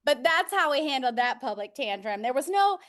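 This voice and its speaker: Woman podcast co-host, high voice, chatty and laughing, quick to agree. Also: big pitch swings, fairly bright tone, slight background noise. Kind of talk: casual chat.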